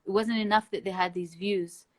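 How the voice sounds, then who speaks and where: A woman's voice: mid-range voice, steady tone, normal speed. A woman talking as a guest in a casual live-stream conversation, blunt and emphatic, swearing freely and laughing between points. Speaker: interview guest.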